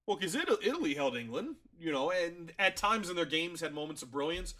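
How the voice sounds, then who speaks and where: Bright-voiced chatty male rugby co-host. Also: a little high, brisk. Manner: animated, jokey, acts out players' thoughts. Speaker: podcast co-host. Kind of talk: casual rugby chat.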